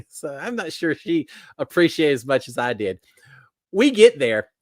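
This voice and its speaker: A man's voice: a little high, big pitch swings, a little slow, no echo, clean studio sound. A middle-aged man hosting a livestream, chatting casually and reading out viewer comments, with lots of restarts and self-deprecating asides. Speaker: livestream host.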